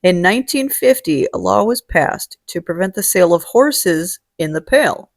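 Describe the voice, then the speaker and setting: A woman's voice: fairly low pitch, expressive, moderate pace, gravelly. A woman hosting a casual vlog, talking in a jokey, salty way and swearing freely. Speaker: host. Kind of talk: casual chat.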